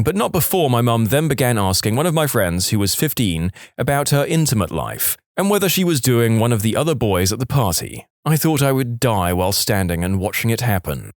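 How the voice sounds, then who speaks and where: A man narrating reddit-style stories in an expressive, scripted storytime manner. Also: medium pitch, dry recording, studio quality. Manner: lively, expressive reading.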